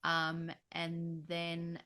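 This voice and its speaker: Podcast co-host, female, very low pitch for a woman, quiet reflective personal storytelling. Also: completely flat delivery, extremely slow.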